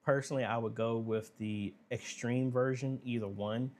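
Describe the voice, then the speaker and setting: A relaxed man hosts a casual livestream Q&A. He talks in an easy, conversational way, often pausing on fillers. His voice sits at an ordinary pitch. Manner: relaxed, conversational, frequent fillers, reads viewer questions aloud. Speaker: livestream Q&A host.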